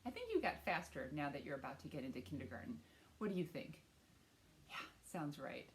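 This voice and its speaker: A woman, a children's librarian, leads a storytime from her home, talking to young children in an animated, encouraging way. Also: low-pitched, fairly quick, slight background noise.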